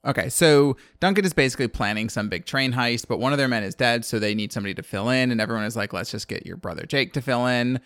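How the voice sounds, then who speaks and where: A man's voice: mid-range voice, a bit bright, dry recording. A man from the American South casually recapping a movie as a podcast co-host, rambling and laughing often. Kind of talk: casual chat.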